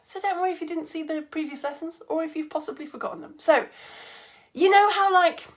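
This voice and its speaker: Young woman, science teacher, chatty and upbeat, slightly high voice. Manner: chatty, bubbly, greets viewers by name. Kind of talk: live online lesson for children.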